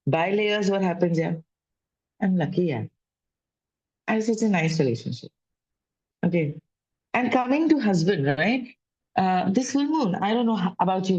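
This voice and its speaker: A woman talks to camera about wellness, her voice on the low side for a woman. She speaks conversationally, repeats her points and tags them with "right?". The recording is slightly dull and lo-fi. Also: darkish tone. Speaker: wellness coach. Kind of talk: casual spiritual teaching talk. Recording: dull lo-fi sound.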